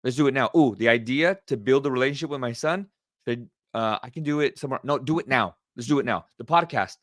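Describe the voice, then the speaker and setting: Energetic man podcasting, dry sound. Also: mid-range voice, quick pace, no room sound. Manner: energetic, excited, repeats himself. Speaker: podcast host. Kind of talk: casual solo podcast talk.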